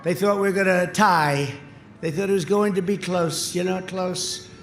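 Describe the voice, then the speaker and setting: A man giving a campaign rally speech in short, punchy, repeated phrases, sometimes breaking into shouts, recorded outdoors through an echoing PA. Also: high voice, steady tone, normal speed, slight background noise. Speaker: political speaker at a rally. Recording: echoey outdoor PA sound with crowd. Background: cheering crowd.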